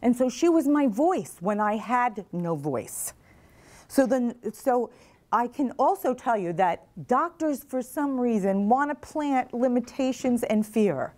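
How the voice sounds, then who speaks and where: A woman's voice: on the high side, lively intonation, measured pace, darkish tone. A middle-aged woman, a mental health advocate, giving an earnest talk to nursing students and asking them questions. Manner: earnest, asks the audience questions, repeats their answers. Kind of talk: motivational talk to a class. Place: classroom or lecture hall.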